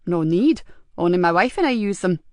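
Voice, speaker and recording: A woman's voice: lowish voice, expressive, normal speed, dry recording, studio quality, close to an everyday voice. A woman voicing an absent-minded middle-aged male web designer, mild and matter-of-fact. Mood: calm.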